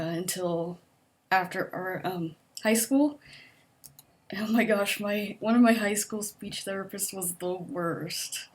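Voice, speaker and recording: A young adult woman talks through a personal story for her vlog, her voice sitting at a middle pitch. She is chatty and expressive, leaning on fillers and sighs, and leaps up in pitch whenever she acts out her disbelief. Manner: animated, acts out quotes with sudden high-pitched outbursts. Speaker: vlogger.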